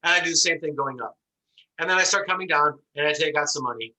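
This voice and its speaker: A man lectures to an online class through a computer microphone. His voice is sharp and bright and sits a little high. He tells an animated story and acts out the voices in it. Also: fast talker, low-quality recording. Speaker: instructor.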